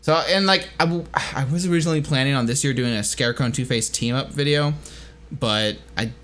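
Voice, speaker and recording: Rambling young animator doing commentary. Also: male voice, medium pitch, fairly quick, fairly bright tone. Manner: rambling, many fillers. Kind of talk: casual commentary.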